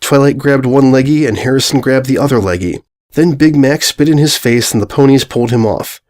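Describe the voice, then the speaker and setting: A man giving a comedic, mock-serious reading of a fan fiction story, narrating deadpan. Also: mid-range voice, fairly quick.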